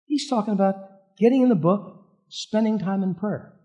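A man's voice: high voice, animated, moderate pace, mellow. A middle-aged man, a pastor, preaching in a church in an earnest, conversational way with emphatic repetition. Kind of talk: sermon. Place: church sanctuary.

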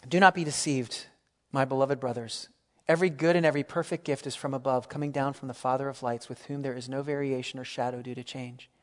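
A man's voice: medium pitch, fairly even intonation, quick pace. A man preaching a sermon as pastor in a church, earnest and emphatic, rising and falling in force as he exhorts the congregation.

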